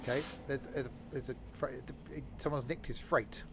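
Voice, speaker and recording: A man's voice: medium pitch, steady tone, normal speed, noisy background. A young man chatting casually as he streams a game, joking and narrating what he does. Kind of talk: casual gameplay commentary.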